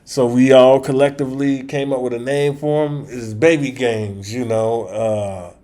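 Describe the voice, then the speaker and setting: Man, channel host, casual rambling storyteller, lots of restarts, mid-pitched. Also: steady tone, measured pace, mellow. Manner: rambling, with many restarts and slangy asides.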